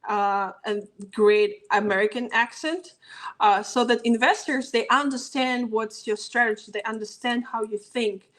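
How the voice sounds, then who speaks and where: A woman's voice: a little high, unhurried, fairly bright tone, low-quality recording. A woman whose first language is Russian, a guest in an interview, talking casually with many fillers and restarts. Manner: casual, filler-heavy with frequent "like". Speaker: guest, startup growth expert. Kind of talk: conversational interview.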